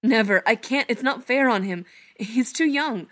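A woman's voice: fairly high pitch, moderate pace, fairly bright tone, voice pushed up, close to an everyday voice. A woman voicing an anguished young man in a read-aloud story, pleading and strained. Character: anguished young man in love with his brother.

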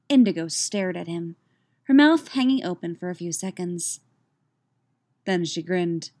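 A woman narrating a novel in a steady, even storytelling voice. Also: fairly low pitch, moderate pace, vocal fry, no room sound. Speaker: audiobook narrator. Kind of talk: scripted narration.

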